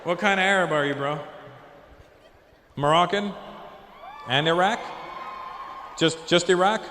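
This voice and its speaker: A man's voice: high voice, unhurried, bright, forceful tone, a little hiss or hum. A man doing a stand-up comedy set, riffing with the crowd and acting out voices on a handheld stage mic. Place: large comedy venue with live audience. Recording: echoey hall, crowd audible.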